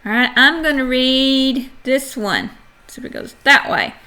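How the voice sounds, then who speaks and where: A middle-aged woman teaching a phonics lesson to young children, sounding out letters and words clearly and acting out examples with playful energy. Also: sits high, measured pace. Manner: animated and playful, acts out examples.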